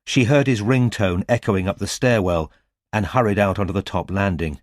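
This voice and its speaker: A man reading a crime novel aloud as audiobook narrator, in a steady, even manner. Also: on the low side, normal speed, no echo, studio quality. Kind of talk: scripted narration.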